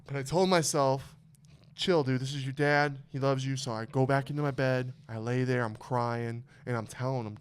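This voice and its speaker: A man's voice: mid-range voice, steady tone, moderate pace, smooth. Emotional, swearing young man telling stories. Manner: emotional storytelling, heavy swearing. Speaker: podcast host. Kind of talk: casual podcast chat.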